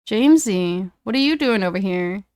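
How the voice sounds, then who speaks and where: A woman's voice: on the high side, lively intonation, unhurried, dry recording, clean studio sound, voice pushed up. A woman playing a sneering young bully. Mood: taunting. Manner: taunting, sharp. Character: sneering young male bully on a hockey team.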